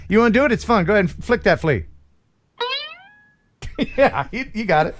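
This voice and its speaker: A man's voice: high voice, very animated, moderate pace, long pauses, a little hiss or hum. A man, around his forties, hosting a casual live stream chat in a goofy, playful way and laughing often. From USA.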